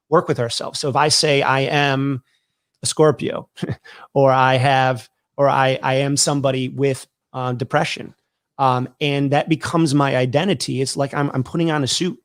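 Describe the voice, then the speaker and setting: A man's voice: mid-range voice, steady tone, normal speed, dry recording, studio quality. A man who works as a therapist and hosts a casual discussion, explaining his ideas thoughtfully and often restarting his sentences. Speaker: therapist and podcast host.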